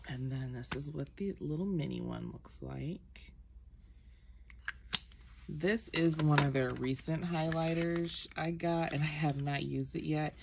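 Slow, gravelly-voiced woman chatting about makeup. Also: sits low, very noisy. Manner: chatty, rambling, trails off with ums and self-corrections. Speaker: beauty vlogger. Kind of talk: casual makeup collection walkthrough.

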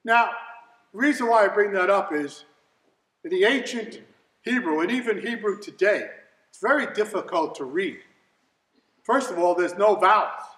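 A man, a deacon, giving a slow, deliberate sermon with touches of light humor. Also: high-pitched, lively intonation, a bit bright. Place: church. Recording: echoey church from far off.

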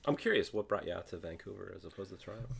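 A man's voice: low-pitched, animated, very fast, creaky. A man hosting a podcast in casual chat, playful and full of follow-up questions. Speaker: podcast host.

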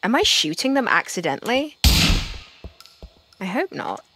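A woman giving playful, excitable commentary over her video game playthrough. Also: on the high side, unhurried, music in the background. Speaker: gameplay streamer. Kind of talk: casual gameplay commentary.

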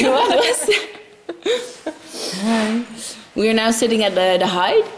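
A woman's voice: on the high side, big pitch swings, slow pace, slight background noise. A young Dutch woman chatting casually in a vlog, bubbly and giggly, mixing Dutch and English. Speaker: vlogger.

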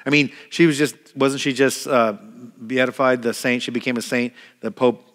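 A man's voice: medium pitch, steady tone, moderate pace, a bit bright. A man preaching a sermon as pastor, talking in a conversational way, repeating words as he restarts and acting out quoted prayers. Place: church hall. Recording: long reverb of a church hall.

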